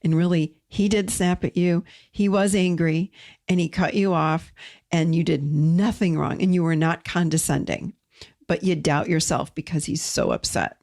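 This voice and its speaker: A woman's voice: fairly low pitch, steady tone, moderate pace, darkish tone. A middle-aged woman hosting an advice talk on relationships, speaking emphatically and repeating key words for stress. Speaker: podcast host.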